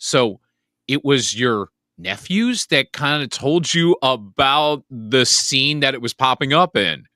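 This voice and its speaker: A male podcast host with a bright, forceful voice and animated pitch, eagerly backing up his guest. He sounds dry and close, with no room around him. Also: takes it slowly, no echo. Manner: eager, affirming interjections. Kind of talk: casual interview.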